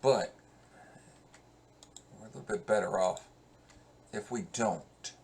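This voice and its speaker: Working through code on a screen recording, a male professor thinks aloud in a slow, conversational way. He has a lowish voice with a darkish tone.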